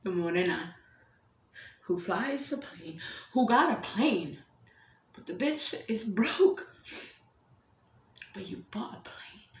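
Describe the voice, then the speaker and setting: A mother telling a painful personal story, swearing often and shifting between hushed whispers and loud outbursts. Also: medium pitch, animated, slow pace, pauses often, reverberant.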